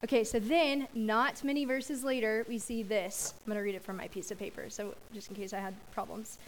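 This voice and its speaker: Young woman, youth sermon, casual and chatty, laughs off slips, slightly high voice. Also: steady tone, brisk, a little hiss or hum, low-quality recording. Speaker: youth speaker. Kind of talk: youth sermon with prayer and scripture reading.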